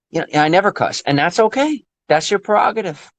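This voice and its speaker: A young man ranting to viewers, angry and profane, swinging from low muttering to loud, high outbursts, rambling with restarts. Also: sing-song, quick pace, gravelly, hardly any pauses, no room sound. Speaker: vlogger. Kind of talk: emotional unscripted rant to viewers.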